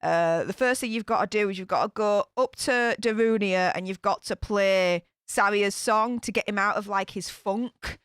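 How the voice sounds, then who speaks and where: Yorkshire woman rambling at her stream chat, smooth voice, dead dry sound. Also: medium pitch, normal speed, few pauses, a bit bright, no room sound. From Northern England. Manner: rambling, laughing, many fillers and restarts. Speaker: YouTube commentator reading live chat. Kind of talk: casual live-stream chat.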